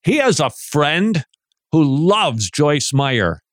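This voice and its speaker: A man teaching in a sermon style, animated and joking, with many rhetorical questions. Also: a little high, takes it slowly, dry recording, clean studio sound.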